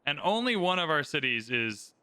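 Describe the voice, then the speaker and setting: Upbeat man streaming, very bright voice. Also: a little high, very animated, normal speed, smooth. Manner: upbeat, thinks aloud, chats to viewers. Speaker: streamer playing a strategy game. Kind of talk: casual livestream gameplay commentary.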